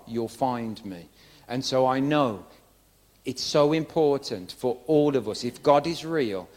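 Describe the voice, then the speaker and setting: A young man preaching a sermon in a church, earnest and direct, with humorous asides. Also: medium pitch.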